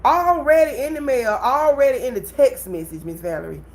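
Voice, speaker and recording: Animated woman venting on a livestream. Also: sits high, brisk, poor audio. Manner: animated storytelling, talks to viewers directly. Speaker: livestream host.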